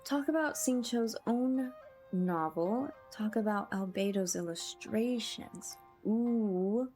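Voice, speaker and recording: A woman's voice: medium pitch, takes it slowly, warm tone. A woman streaming a story game, chatting and giggling with her chat as she plays. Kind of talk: casual game commentary. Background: game music.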